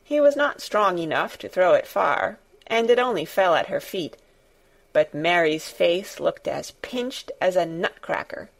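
A woman narrating a children's classic as an audiobook, in a measured, expressive storytelling manner. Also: lowish voice, vocal fry. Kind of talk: scripted narration.

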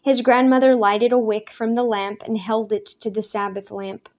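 Woman narrating a story, measured and even. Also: on the high side. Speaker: audiobook narrator. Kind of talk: scripted narration.

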